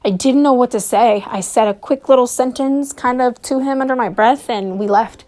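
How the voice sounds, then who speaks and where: A woman's voice: a little high, dark tone. Nervous, hesitant woman telling her story. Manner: hesitant, with frequent pauses and fillers. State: nervous and short of breath. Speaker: podcast host. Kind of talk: personal storytelling monologue.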